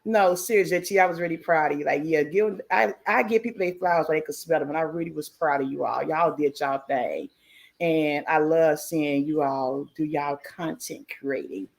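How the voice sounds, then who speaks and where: A woman from the United States hosts a casual live-stream chat as a cruise vlogger, speaking at normal speed in a low, creaky voice. Frank and chatty, she laughs often and greets chatters by name.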